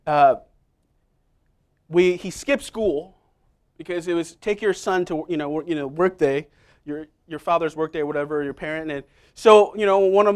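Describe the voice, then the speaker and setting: In a church sermon, a middle-aged man whose voice sits high recounts personal stories conversationally and with self-deprecating humor. He frequently throws quick asides to the congregation.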